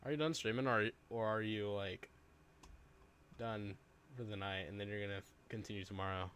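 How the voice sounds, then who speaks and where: Guy streaming and rambling on, bright voice, throws in hype calls. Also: on the low side, steady tone, moderate pace, slight background noise. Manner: loose, rambling, with hyped interjections. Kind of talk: casual chat while reacting to videos.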